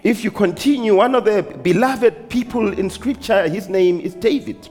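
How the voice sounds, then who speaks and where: A man pastor preaching a sermon, calling out hallelujah and amen, swinging between shouted and hushed delivery. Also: high-pitched, moderate pace, hardly any pauses, long reverb tail, faint music behind.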